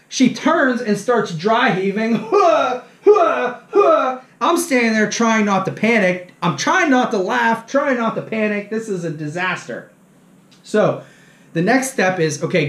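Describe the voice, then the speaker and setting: On his fishing show, a man shares a lively, casual anecdote that pokes fun at himself, voicing the dialogue as he tells it. His voice sits high and the recording is reverberant.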